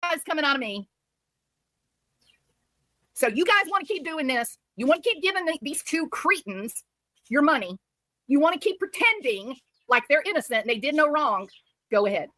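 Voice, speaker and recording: A woman's voice: high-pitched, lively intonation, moderate pace, pauses often, bright, forceful tone, no echo. A woman giving heated commentary as a streamer, scolding and repeating herself for emphasis.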